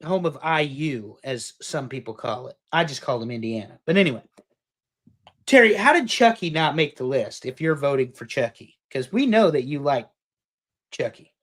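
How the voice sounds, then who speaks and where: A man co-hosting a casual panel chat, jokey and animated, swinging between loud bursts and quiet asides. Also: fairly high pitch, normal speed. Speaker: podcast co-host.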